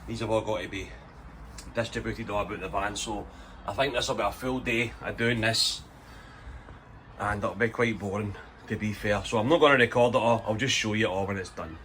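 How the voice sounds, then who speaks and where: Scottish man, low-ish voice, easygoing vlog walkthrough, faint noise in the background. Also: fairly quick, a bit bright, rough recording. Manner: chatty, explaining as he goes. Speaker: vlogger building a campervan. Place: inside a van under conversion.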